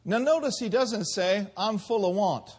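A man preaching a sermon in a church, with call-and-response and drawn-out emphasis. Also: sits high, darkish tone, husky.

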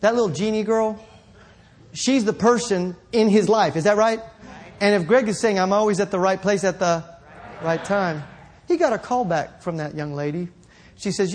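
A male preacher telling a story in a sermon, rambling and correcting himself, building up to shouts. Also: high-pitched, normal speed.

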